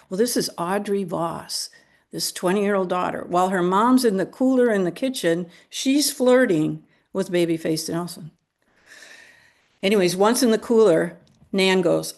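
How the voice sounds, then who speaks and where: A woman's voice: medium pitch, measured pace, darkish tone. Chatty woman telling a local history story. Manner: conversational, with fillers and restarts, chatty asides. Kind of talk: storytelling talk.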